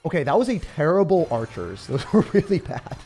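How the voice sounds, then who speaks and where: Young man, gaming streamer, live commentary, fairly high voice, very animated pitch, jokey, faint music behind. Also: brisk. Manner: excitable, jokey, loud outbursts and laughter.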